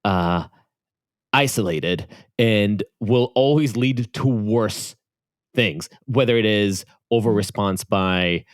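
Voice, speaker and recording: Israeli man, podcast co-host, low-pitched, thoughtful, halting, dry close mic. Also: no room sound. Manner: thoughtful, hesitant with many restarts. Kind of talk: casual podcast chat.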